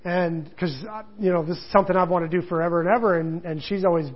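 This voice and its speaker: A male pastor preaching a sermon in a rambling, animated storytelling way, full of restarts. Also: sits high, quick pace, husky. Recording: muffled lo-fi recording.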